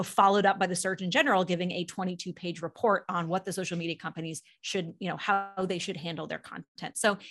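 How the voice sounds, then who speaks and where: A woman co-hosting a political panel talk, laying out evidence point by point in a brisk, sardonic way. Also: on the low side, fairly bright tone. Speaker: political podcast co-host. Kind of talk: opinionated panel discussion.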